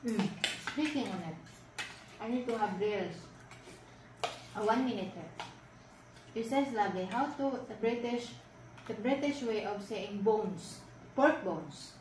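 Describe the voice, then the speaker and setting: Casual vlog host, woman, Filipino accent, pushy and playful, off-mic in a roomy kitchen with loud dish noise. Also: medium pitch, unhurried, long pauses. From Philippines. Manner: insistent, coaxing, chatty. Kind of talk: casual dinner-table chat. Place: home dining table. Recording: echoey room, mic at a distance, dinner clatter.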